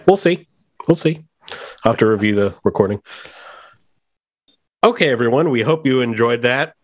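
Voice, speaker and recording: Man, podcast host, low voice, dry close sound, joking banter. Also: no room sound. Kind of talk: casual podcast chat.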